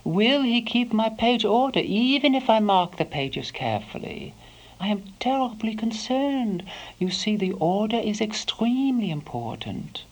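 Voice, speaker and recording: A woman quoting a fussy, anxious older gentleman writer in her own slightly raised voice. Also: on the high side, unhurried, pitched above the performer's own voice, poor audio. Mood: fretful. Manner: fretful and excitable.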